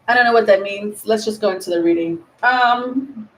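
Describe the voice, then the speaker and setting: A woman giving a live tarot reading, rambling and thinking aloud with many pauses and ums. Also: medium pitch. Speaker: tarot reader. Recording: roomy echo.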